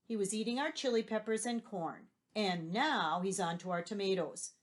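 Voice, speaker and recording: A woman's voice: medium pitch, normal speed, natural voice. A woman voicing a worried young boy in a storybook, pleading earnestly about a stubborn goat. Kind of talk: storybook read-aloud.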